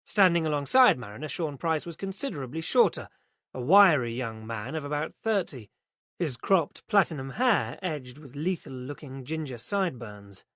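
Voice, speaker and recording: A man reading a crime thriller audiobook as narrator, steady and even. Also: on the high side, moderate pace, dry recording, studio quality. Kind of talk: scripted narration.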